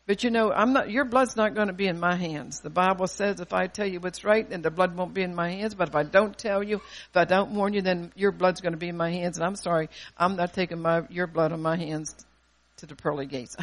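An older preacher delivering a sermon with emphatic, forceful conviction, quoting scripture and asking the congregation rhetorical questions. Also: medium pitch, a little fast.

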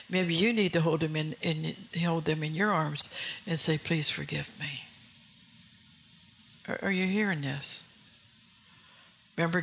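A woman's voice: low voice, a bit bright, a little hiss or hum, rough recording. A woman preaching a sermon in an earnest way, often repeating and restarting phrases and putting questions to her listeners.

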